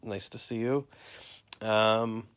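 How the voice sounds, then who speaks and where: Canadian guy chatting on a live stream, lowish voice, rambles and quotes people a lot. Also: little pitch movement, slow pace, fairly bright tone, clear, resonant tone. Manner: rambling storyteller, quotes others with "I'm like". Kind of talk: casual live-stream chat.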